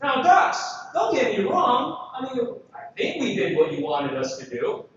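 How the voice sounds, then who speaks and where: A man from the Philippines giving an energetic conference presentation, lively and joking, full of rhetorical questions. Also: very high voice, a little slow, a little hiss or hum. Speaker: conference speaker. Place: large conference hall. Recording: echoey, dull hall recording.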